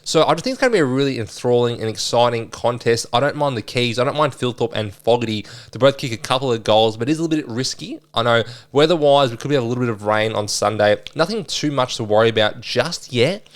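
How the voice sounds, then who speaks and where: A man's voice: medium pitch, quick pace, hardly any pauses. A young Australian man hosting a solo sports podcast, chatting casually and a bit rambling as he previews the weekend's games. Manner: chatty, lively, rambling with fillers.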